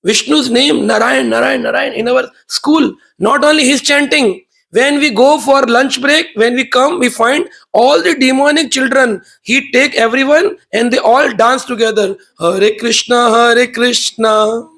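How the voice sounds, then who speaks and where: Nervous demon teachers, scolding and jumpy, high gravelly voice, put on by a man telling the story. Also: a bit bright, full character voice. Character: two nervous demon schoolteachers.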